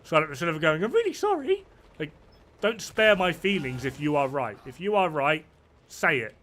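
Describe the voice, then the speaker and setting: Brief: thirties man, crisp bright voice, rambling, blunt voice-chat gamer. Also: fairly high pitch, expressive, moderate pace. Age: 30s. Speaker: player. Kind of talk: casual gaming chat.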